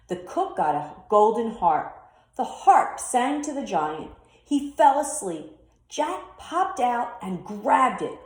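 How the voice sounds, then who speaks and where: A woman's voice: fairly high pitch, big pitch swings, slow, a little mellow. A woman teacher reading a children's storybook aloud expressively, then talking to her pupils. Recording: roomy echo.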